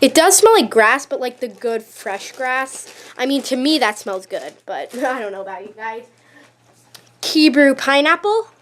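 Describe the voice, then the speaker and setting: Showing her collection on YouTube, this woman has a bright, high voice and an animated, measured delivery. She gushes and chats casually, leaning on "like" and "really, really," while her handheld camera shakes now and then.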